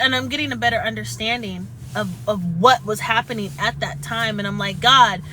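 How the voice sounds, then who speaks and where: A woman chatting earnestly and haltingly about spiritual healing, at times close to tears. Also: on the high side, bright, forceful tone, a little hiss or hum, low-quality recording. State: tearful at moments. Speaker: spiritual vlogger. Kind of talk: emotional casual chat.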